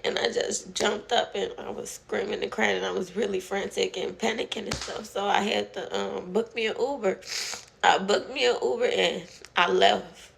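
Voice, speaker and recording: A young woman telling a personal story to her followers in a casual, emotional way, halting often and full of fillers and restarts. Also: mid-range voice, fairly even intonation, vocal fry, slight background noise. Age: young adult. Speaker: TikTok storyteller.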